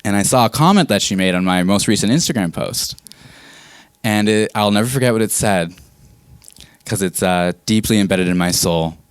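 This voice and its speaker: A man in his twenties telling a story on a comedy stage, casual and profane with a deadpan edge. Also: on the low side, moderate pace, clean tone, dry recording. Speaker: stand-up comedian.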